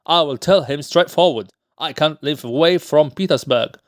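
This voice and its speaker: A man's voice: on the high side, normal speed, dry recording, studio quality, lightly acted. A man voicing a boastful young male petty official, an arrogant swindler, as he reads a play aloud. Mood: petulant. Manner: indignant, pleading for money, brash.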